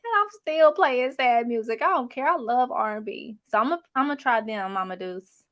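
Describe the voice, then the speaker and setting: A woman's voice: fairly high pitch, animated, normal speed, fairly bright tone, dull audio. A young adult woman hosting a casual livestream, reading chat comments in a chatty, sassy, slangy way. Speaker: channel host reading live chat.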